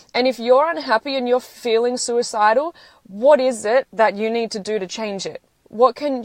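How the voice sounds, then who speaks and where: A woman's voice: on the high side, dry recording. A woman in her thirties talking on a live stream, earnest and close to tears, swearing freely as she speaks. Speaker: social media livestreamer. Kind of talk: emotional live-stream monologue.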